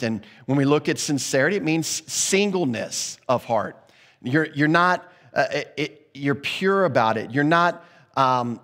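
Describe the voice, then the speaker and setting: With a long reverb tail trailing his fairly bright, mid-range voice, a pastor gives an earnest sermon. His delivery is conversational, and he keeps restarting sentences before finishing them.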